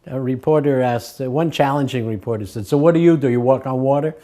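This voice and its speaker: An older man sharing remembered anecdotes, his voice mellow and dark. He slips into quoted voices and lets a chuckle through as he goes. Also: mid-range voice, fast talker. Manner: acts out quoted voices, chuckles between stories. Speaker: devotee recalling memories. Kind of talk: anecdotal storytelling.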